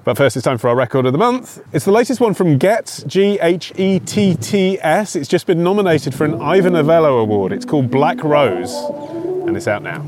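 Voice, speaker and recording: A man's voice: a little high, normal speed, a little hiss or hum. A man hosting a podcast, chatting playfully and teasing his co-host. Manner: playful, teasing, animated storytelling. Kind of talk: casual chat.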